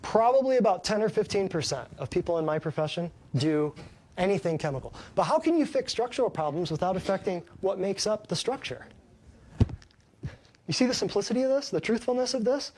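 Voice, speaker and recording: A man's voice: sits high, lively intonation, fairly quick, a little mellow, a little hiss or hum. Folksy chiropractor man lecturing an audience. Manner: folksy, emphatic, asks the audience questions. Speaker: chiropractor giving a health talk. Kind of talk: live talk to a small audience.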